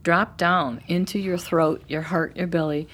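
A middle-aged woman coach explaining her method as an interview guest, acting out emotional phrases with lively energy. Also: on the low side, measured pace, husky. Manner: animated, acts out emotional phrases. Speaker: forgiveness coach.

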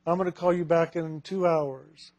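A man's voice: a little high, fairly even intonation, normal speed, a little mellow, close to an everyday voice. A man quoting an adult woman student who insists on ending the call, in his own voice. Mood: insistent.

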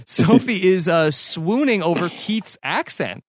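Lively, upbeat male podcast host. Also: high voice, takes it slowly, no echo. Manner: laughs often, reads tweets aloud in a flat tone. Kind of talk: casual chat reading tweets.

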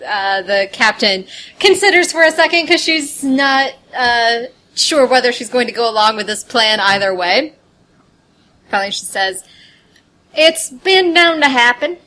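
A woman's voice: a little high, normal speed, pushed and bright. A woman running a tabletop game as game master, narrating and checking her notes with some hesitation.

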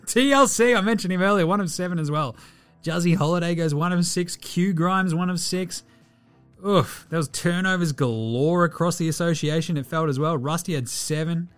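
A man's voice: fairly high pitch, lively intonation, moderate pace, a bit bright, faint music behind. Brash Australian man riffing on basketball. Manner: brash, swears freely, slangy, laughs often. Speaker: podcast host. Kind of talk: casual sports commentary.

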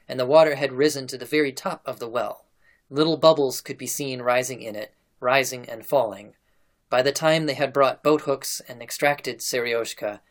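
Man, podcast host, casual storyteller, relaxed and chatty, mid-range pitch. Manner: relaxed, chatty, laughs between lines. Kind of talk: casual storytelling, retelling a historical account.

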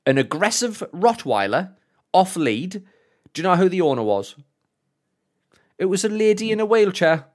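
A Northern English man co-hosting a podcast, telling an animated story full of swearing and frequent laughter. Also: sits high, normal speed, long pauses. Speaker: podcast co-host. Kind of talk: casual chat, storytelling.

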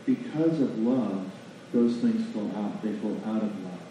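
A man preaching a sermon in a church, folksy and animated, asking the congregation questions. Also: on the low side, unhurried, slight background noise. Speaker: pastor. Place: church sanctuary. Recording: distant mic in a very echoey hall, lo-fi.

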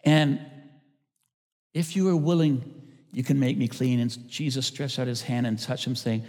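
A man, a pastor, preaching a sermon, swinging between loud emphasis and hushed asides. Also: mid-range voice, fairly even intonation, unhurried. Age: older. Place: church sanctuary. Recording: church hall reverb.

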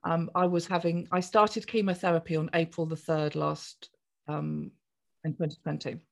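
A woman, a podcast guest chatting through a personal story in a jolly, animated way. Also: low voice, moderate pace, creaky. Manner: chatty, jolly, acts out voices in quoted speech.

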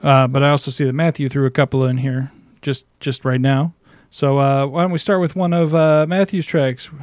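A man's voice: medium pitch, flat delivery, moderate pace, a little mellow, dry recording, clean studio sound. A man co-hosting a podcast, chatting casually with joking, rambling remarks. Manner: joking, rambling, laughs often. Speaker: podcast co-host. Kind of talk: casual chat.

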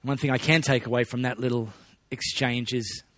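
A man preaching a sermon in a relaxed, conversational way, with joking asides to the congregation. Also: mid-range voice, normal speed, dry recording. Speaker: pastor.

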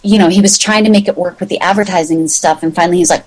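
Over poor audio, a middle-aged woman races through a rambling interview story with hardly any pauses, her steady, darkish voice carrying a breathy edge. She's the guest, a magazine founder, and she chats away while acting out quoted voices with large jumps in pitch.

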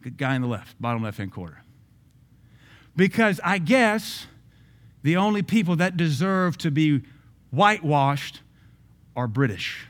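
A man's voice: fairly high pitch, sing-song, a little slow, pauses often, fairly bright tone. A man giving opinionated social commentary from a Christian view, speaking emphatically with many repeated rhetorical questions.

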